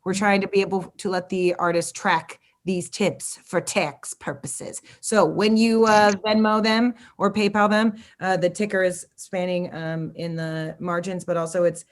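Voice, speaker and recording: A woman with an American accent, a comedian hosting a casual interview, chatty and excitable. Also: on the low side, unhurried, few pauses. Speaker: comedian host.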